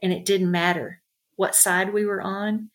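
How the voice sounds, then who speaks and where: A woman's voice: medium pitch, little pitch movement, unhurried. Chatty middle-aged woman telling stories. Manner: chatty, warm storyteller with many fillers. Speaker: ranch owner and bar owner, guest. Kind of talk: casual interview storytelling.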